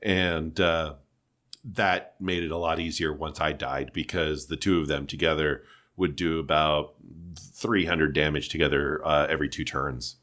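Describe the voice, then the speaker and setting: A man's voice: a bass voice, fairly even intonation, measured pace, fairly bright tone. A man co-hosting a casual gaming podcast, talking in a laid-back, rambling way with lots of fillers. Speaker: podcast co-host.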